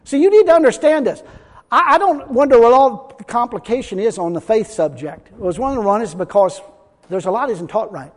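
Extremely high in pitch, expressive and brisk, a man's voice rings out in an emphatic sermon. He reads scripture aloud and acts out people's words, with a long hall reverb on the recording.

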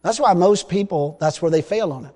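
A middle-aged man preaching a sermon in a folksy, emphatic way that rises to loud declarations. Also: sits high, brisk, breathy edge. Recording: long hall reverb.

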